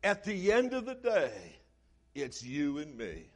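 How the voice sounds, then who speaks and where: A man preaching a sermon as pastor, swinging between quiet, low passages and loud, shouted lines. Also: very animated, a little slow.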